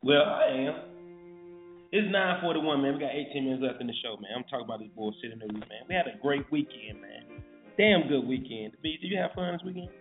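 A man co-hosting a casual morning talk show, relaxed and slangy, dropping "man" after nearly every phrase. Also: mid-range voice, a little fast. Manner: laid-back slang, says "man" constantly. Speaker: radio show co-host. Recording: tinny phone-like line with faint music.

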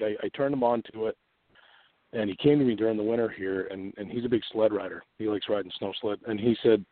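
Man guest, low voice, rambling phone chat, tinny dry line. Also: no room sound. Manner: rambling, many restarts and laughs.

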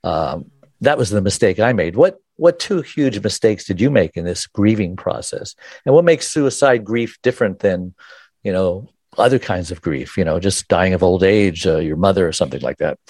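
A man's voice: low-pitched, animated, moderate pace, darkish tone, no echo. A man hosting an interview in an earnest, personal way, sharing his own story before asking questions. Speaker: podcast host. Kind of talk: conversational interview.

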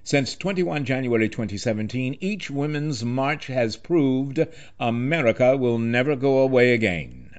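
A man's voice: mid-range voice, lively intonation, a little slow, few pauses, dull audio. A man hosts a talk radio program with a mid-range voice. He reads a prepared political commentary, declaiming with passion and stacking phrase upon phrase. The delivery is rhetorical and insistent. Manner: impassioned, rhetorical, declaiming in lists.

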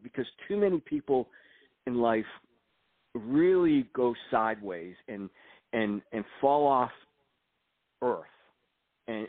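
Heard over a thin, dry, phone-like connection with no echo, the retired agent speaks at a medium pitch. The elderly guest author reflects quietly, reads passages from his book, and stops and restarts as he goes.

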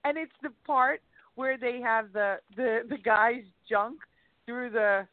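A woman co-hosting a casual radio chat, telling animated stories full of exclamations and laughter. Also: on the high side, slow pace, dry recording. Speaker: co-host. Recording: tinny phone-like line, dry.

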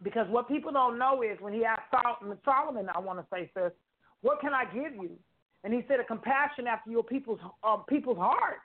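A woman's voice: on the high side, lively intonation, fairly quick. A woman in her fifties giving an emphatic, preacherly spiritual testimony on talk radio, repeating phrases and speaking colloquially. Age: 50s. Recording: phone-like narrow sound.

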